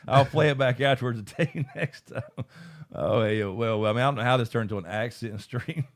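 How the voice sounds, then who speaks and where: A man's voice: mid-range voice, fairly quick. A man co-hosting a live stream, reading chat in casual talk, laid-back, swearing and laughing often.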